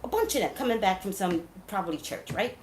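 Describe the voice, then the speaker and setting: A woman chats straight to the camera, her pitch swinging widely as she tells her stories. She sounds like a casual vlogger in an echoey room, with a faint hiss behind her. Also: fairly quick. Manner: animated, chatty storyteller who talks straight to viewers. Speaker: psychic vlogger.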